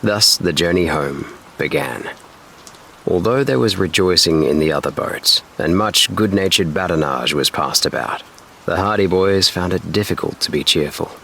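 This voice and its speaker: A man with a notably low voice reads a bedtime story aloud in a slow, steady, soothing manner. His delivery stays even and unhurried throughout. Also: slight background noise. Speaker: narrator. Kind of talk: calm bedtime story reading.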